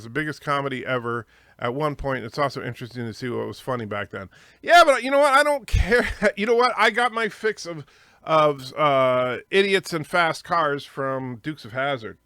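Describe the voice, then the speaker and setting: A man's voice: mid-range voice, sharp tone, dry recording, clean studio sound. A man hosting a livestream, reading chat and giving chatty, opinionated commentary. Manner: opinionated, chatty, with fillers and restarts. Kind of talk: casual commentary.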